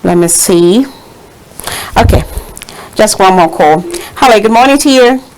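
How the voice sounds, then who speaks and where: A woman's voice: mid-range voice, animated, unhurried, background noise. A woman hosting a live call-in show, speaking with many fillers and restarts. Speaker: show host.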